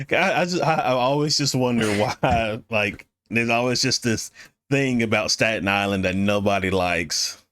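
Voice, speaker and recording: Laid-back man with a low voice asking questions. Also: normal speed, a bit bright. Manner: laughs often, hesitant questions. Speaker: podcast host. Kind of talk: casual podcast interview.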